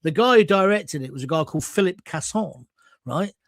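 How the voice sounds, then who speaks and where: Animated chatty male host. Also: on the high side, brisk, no echo, clean studio sound. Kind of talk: live show anecdote chat.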